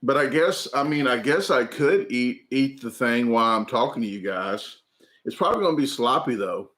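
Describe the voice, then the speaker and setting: This middle-aged American man, in his forties, runs a laid-back livestream from home for his food channel, responding to viewer comments. His mid-pitched voice has lively intonation and a fairly bright tone, though his speech is halting, full of ums and uhs and frequent restarts.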